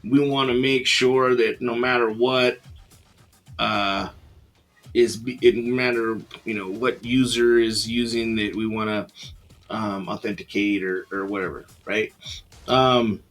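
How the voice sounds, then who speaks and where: A man reviewing a book in a casual, rambling monologue, full of fillers and restarts and quick to poke fun at himself. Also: lowish voice, fairly even intonation, fairly bright tone, soft background music. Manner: rambling, many fillers and restarts, self-deprecating.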